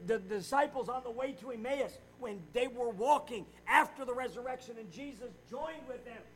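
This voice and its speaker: Man, pastor, high voice, sermon, shifts from loud preaching to hushed storytelling. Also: low-quality recording. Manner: swings between loud preaching and quiet storytelling.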